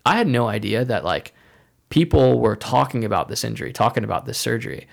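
A man's voice: medium pitch, very animated, fairly quick, gravelly. A man telling a personal story in a loose, rambling way, filling his sentences with "like" and acting out what others said. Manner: rambling, heavy use of "like", acts out quoted dialogue.

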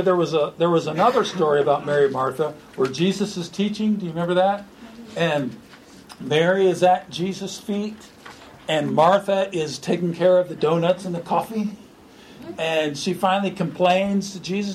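A man preaching an informal sermon to a small group, animated and joking. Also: sits high, normal speed, slight background noise, rough recording. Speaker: pastor.

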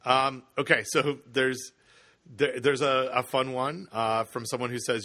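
A man co-hosting a podcast in casual chat, halting with many fillers and restarts as he reads listener feedback. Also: medium pitch, little pitch movement, pushed and bright, no echo. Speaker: podcast co-host.

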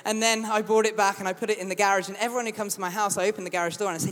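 High-voiced British preacher in a reverberant hall. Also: male voice, very fast, hardly any pauses, fairly bright tone. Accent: British English. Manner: humorous, self-mocking storytelling. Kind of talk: sermon.

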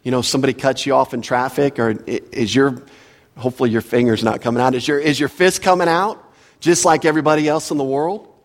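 A man's voice: mid-range voice, fairly even intonation, fast talker. A man preaching a sermon as a pastor, in a conversational way with asides and repeated words, recorded in a church sanctuary. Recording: reverberant church hall.

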